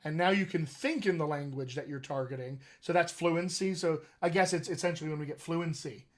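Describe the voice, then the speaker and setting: A man's voice: fairly high pitch, brisk. Chatty male dialect coach. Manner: animated, chatty, often laughing. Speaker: dialect coach hosting a live Q&A. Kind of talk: casual live-stream chat.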